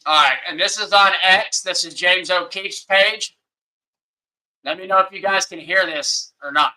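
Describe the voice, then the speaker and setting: Brief: Southern male streamer, rambling, heated takes, apologetic asides, piercing bright tone, pitched a bit high. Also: a little slow, rough recording. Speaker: livestream host. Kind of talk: casual live-stream commentary. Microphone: webcam setup.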